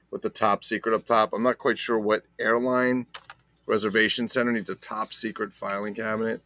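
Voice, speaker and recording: A man's voice: on the low side, a bit bright, a little hiss or hum. A man hosting a casual toy unboxing vlog, joking and talking to viewers while handling items, with mock-dramatic asides. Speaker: toy collector host.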